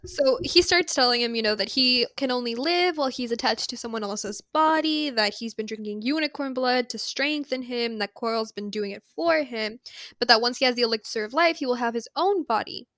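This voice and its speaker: Woman co-host, bright and forward voice, dry close sound, casual slangy recap. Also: on the high side, no room sound. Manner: retells the story with slangy asides and quick impressions. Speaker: podcast co-host. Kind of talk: casual book recap chat.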